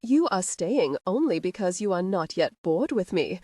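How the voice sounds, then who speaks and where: A woman voicing a sharp-tongued young noblewoman in an audiobook romance. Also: lowish voice, big pitch swings, no room sound, clean studio sound. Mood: tart. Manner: quick, snappish.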